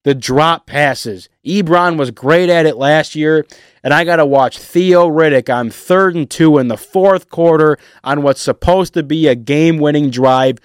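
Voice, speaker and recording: A man delivering a heated, emotional sports rant to his viewers, animated and sarcastic. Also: a little high, unhurried, clean tone, no echo, clean studio sound. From Detroit area. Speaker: sports fan vlogger. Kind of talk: ranting sports commentary.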